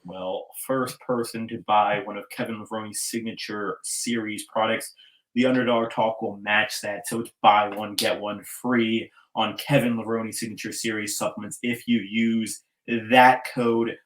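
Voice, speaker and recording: A man's voice: on the low side, level tone, normal speed, fairly bright tone, poor audio. A man hosting a casual interview podcast, enthusiastic and chummy, calling his guest "man". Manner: enthusiastic, bro-ish, calls guest "man". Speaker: podcast host.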